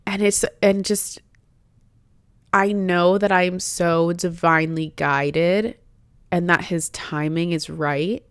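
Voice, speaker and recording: A woman's voice: lowish voice, steady tone, slow pace, smooth, no room sound. A woman in her twenties hosting a candid personal podcast, chatting in a heartfelt way with many "like" fillers. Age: 20s. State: tearful, emotional at times. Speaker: podcast host.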